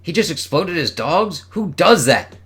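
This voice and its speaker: A man's voice: on the high side, sing-song, measured pace, fairly bright tone, slightly rough, pitched above the performer's own voice, exaggerated voice. A man voicing a wisecracking young male superhero in a raised, quippy voice. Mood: incredulous.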